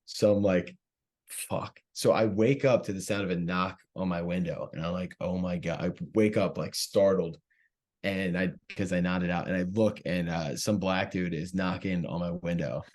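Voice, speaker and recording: A man's voice: low voice, normal speed. Man, telling a rowdy story. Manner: animated, profane, acts out quotes. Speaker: comedian guest. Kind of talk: casual storytelling.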